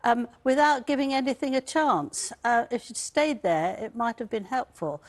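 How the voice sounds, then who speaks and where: A woman's voice: fairly high pitch, normal speed. A woman royal commentator and biographer speaking firmly and emphatically in a TV panel debate. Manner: firm, emphatic.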